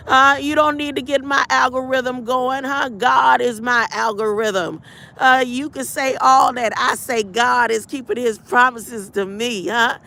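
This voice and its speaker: A woman on a livestream who rambles and preaches as she answers her chat. Her voice is gravelly and bright, and she takes her time over every phrase. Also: a little high, unhurried. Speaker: livestream host. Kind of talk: livestream chat and spiritual affirmations.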